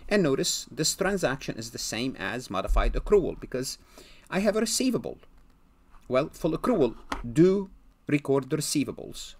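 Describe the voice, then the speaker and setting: A male lecturer working through an accounting example at a medium pitch. He poses questions and answers them himself, and repeats key terms to drive them home. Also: sing-song, normal speed, a little hiss or hum. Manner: asks and answers his own questions, repeats key words. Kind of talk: recorded lecture.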